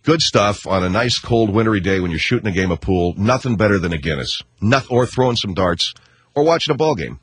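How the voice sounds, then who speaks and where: Husky wisecracking male radio host. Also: lowish voice, brisk, dry recording. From United States. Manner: rambling, wisecracking, animated storytelling. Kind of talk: casual radio talk.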